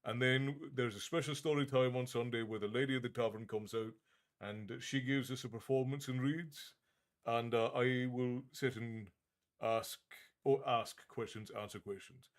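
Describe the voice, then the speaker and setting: A man's voice: medium pitch, fairly even intonation, moderate pace. A man hosting a livestream in a tavern-keeper persona, chatting casually and reading out viewer comments in a friendly, easygoing way with frequent restarts.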